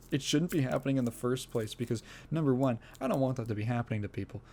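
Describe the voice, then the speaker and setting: A man's voice: mid-range voice, fast talker, darkish tone, slight background noise. A man hosting a solo gaming podcast in a casual, rambling way, swearing freely and often breaking into laughter. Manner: rambling, profane, laughs often mid-sentence. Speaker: podcast host.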